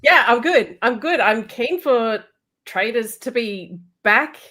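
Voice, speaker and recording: Dry, measured female co-host. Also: a little high, expressive, bright, forceful tone. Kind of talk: casual chat.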